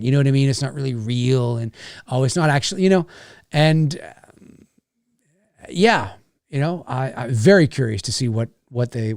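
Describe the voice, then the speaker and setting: A man's voice: mid-range voice, darkish tone, dry recording, clean studio sound. A man hosting a casual livestream rant, rambling and swearing, with many restarts. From Canada. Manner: rambling, profane, frequent restarts. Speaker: YouTube host.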